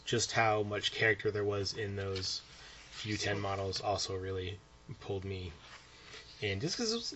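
A man with a bright, forceful tone chats about his hobby. He talks eagerly and haltingly, with frequent restarts and filler. The recording is muffled and lo-fi. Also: mid-range voice. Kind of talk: casual hobby chat. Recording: dull lo-fi recording.

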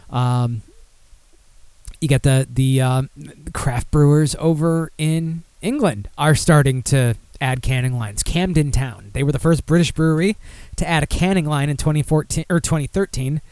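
A man's voice: on the high side, moderate pace, a little mellow, clean tone, dry recording. Rambling man hosting a beer podcast. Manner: rambling, swears, reads listener comments aloud. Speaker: podcast host. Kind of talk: casual beer podcast chat.

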